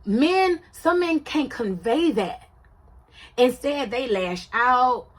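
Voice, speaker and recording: A woman speaks in a chatty commentary vlog, her voice sitting a little above the usual pitch. She talks emphatically and conversationally, often circling back to check that the listener is following along. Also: lively intonation, slow pace. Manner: conversational, emphatic, often asks "you see what I'm saying". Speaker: reality TV commentator.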